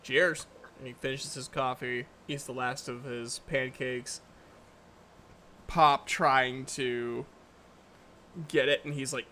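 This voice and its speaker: A male dungeon master who talks slowly in a bright, forceful voice. He jokes around and laughs often while running a tabletop game. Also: medium pitch, fairly even intonation, a little hiss or hum.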